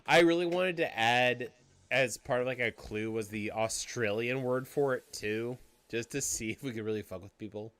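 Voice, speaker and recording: A man hosting a trivia stream in casual chat, joking and explaining the answers in quick bursts. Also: medium pitch, fairly bright tone, clear, resonant tone. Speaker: trivia host.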